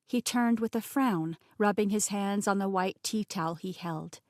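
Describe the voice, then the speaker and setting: A woman narrating a fantasy romance audiobook in an expressive, scripted style, recorded close and dry. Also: mid-range voice, normal speed, few pauses, dry recording. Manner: expressive, voices the characters.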